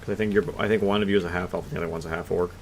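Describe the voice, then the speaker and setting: A man narrating as game master of a tabletop game, explaining things quickly. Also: sits low, steady tone, slight background noise.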